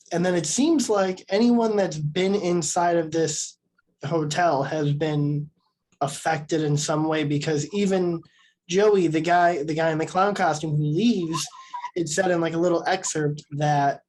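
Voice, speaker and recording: Podcast co-host, mid-pitched voice, meandering, filler-heavy film talk. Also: fairly even intonation, unhurried, darkish tone. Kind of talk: casual film discussion.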